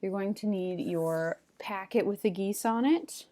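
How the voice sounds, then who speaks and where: A woman teacher at a middle pitch, reading out vocabulary words one by one and pausing for the class to repeat. She speaks clearly and patiently, leading call-and-response drills. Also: warm tone. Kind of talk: recorded remote reading lesson.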